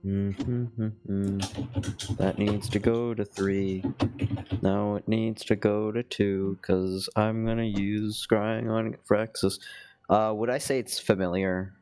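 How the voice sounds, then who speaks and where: A man's voice: fairly low pitch, little pitch movement, a little mellow, faint music behind. A man playing a tabletop game, speaking hesitantly in casual chat. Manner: slow, hesitant. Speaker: player.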